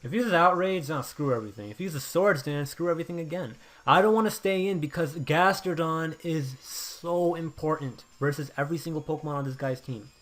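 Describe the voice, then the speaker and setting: A young man giving live commentary over his own game, swinging between quiet muttering and loud outbursts. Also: a little high, fairly quick, hardly any pauses. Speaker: gameplay commentator.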